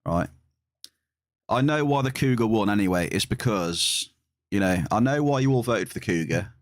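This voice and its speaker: A man's voice: on the low side, animated, normal speed, no room sound, clean studio sound. A man giving live game stream commentary, teasing his chat in a playful, bantering way.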